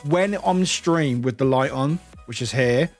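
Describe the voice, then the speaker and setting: A man's voice: mid-range voice, measured pace, soft background music. A man from the UK, a streamer chatting casually and animatedly with his live chat from home. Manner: animated, laughing, greeting chat by name. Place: home room.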